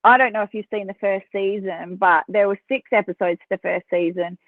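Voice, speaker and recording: A woman with an Australian accent, a podcast guest telling stories in a chatty, animated way and laughing between phrases. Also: mid-range voice, fairly quick, no echo. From South Australia. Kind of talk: casual interview storytelling. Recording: tinny phone line, dry.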